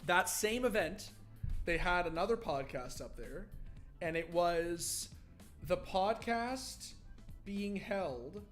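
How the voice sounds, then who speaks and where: A man's voice: high voice, animated, slow, a bit bright, faint music behind. A man hosting a livestream watch party, talking casually to his chat in a rambling, freely swearing way.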